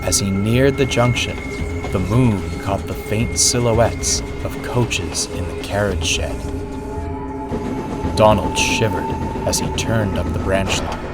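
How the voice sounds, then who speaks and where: A man narrating a scripted spooky story in a slow, suspenseful storytelling manner. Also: fairly low pitch. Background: music.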